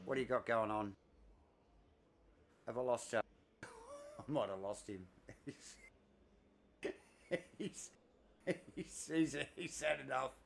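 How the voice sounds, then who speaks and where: Breathless excitable race commentator, man. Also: medium pitch, slow, creaky, long pauses, slight background noise. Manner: excitable, breathless, rambling with fillers. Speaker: sim racing commentator.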